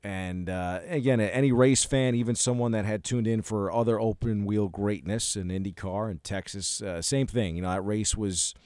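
A man with a fairly low voice chats about racing in a casual talk show, stumbling and repeating words as he starts his thoughts. The sound is close and dry. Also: moderate pace, few pauses, darkish tone, smooth, no room sound. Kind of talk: casual sports chat.

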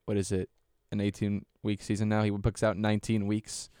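Wry young man, smooth low voice. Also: completely flat delivery, moderate pace, warm tone, dry recording, studio quality. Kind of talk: casual sports chat.

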